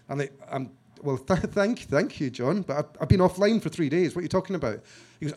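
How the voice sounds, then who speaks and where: A man from Scotland telling a story to an audience, self-mocking and halting, with frequent restarts, acting out what other people said. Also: fairly high pitch, animated, a little mellow, breathy edge. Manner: halting restarts and repeated words. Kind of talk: storytelling talk.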